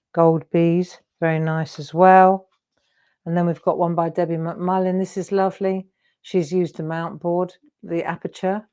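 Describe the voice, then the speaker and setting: A middle-aged woman leads a live craft demonstration in a chatty, encouraging way. Her voice sits a little low for a woman, and she keeps checking in with viewers as she works. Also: darkish tone. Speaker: craft show host.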